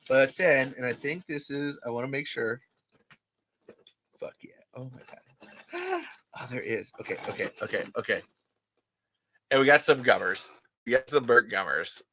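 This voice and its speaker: A vlogger unboxing collectibles, giddy and breathless, gasping and rambling with casual swearing. The pitch swoops all over the place, and the tone is bright and forceful. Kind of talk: excited unboxing vlog.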